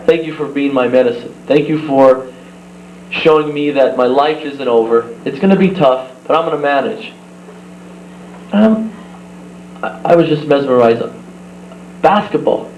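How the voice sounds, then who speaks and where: A young man giving an earnest speech at a sports banquet, telling a story with halting restarts. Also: medium pitch. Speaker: banquet guest speaker. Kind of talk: speech to a crowd. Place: banquet hall. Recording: roomy, dull old videotape with hum.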